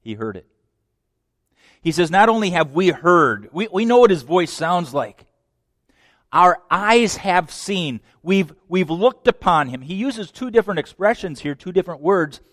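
A man preaching a sermon, dramatic, swinging between loud declarations and hushed lines. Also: sits high, sing-song, moderate pace, no room sound, studio quality.

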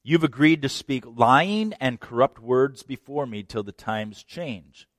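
Speaking a little slowly in a mid-range voice, a man preaches an expository sermon, reading scripture aloud, breaking down its grammar, and laughing at his own jokes between points. The recording is dry and clean, with a studio sound.

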